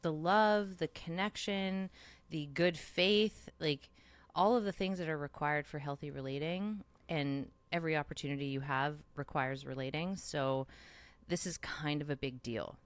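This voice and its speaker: A woman co-hosting a podcast in relaxed conversation. Her voice is quite low. She speaks earnestly and encouragingly, and often backs her partner with soft affirmations. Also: moderate pace, no room sound. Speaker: podcast co-host. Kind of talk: casual podcast chat.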